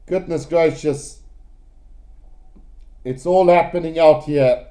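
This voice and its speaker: A man giving live play-by-play rugby commentary, excitable and addressing his viewers directly. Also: fairly high pitch, slow.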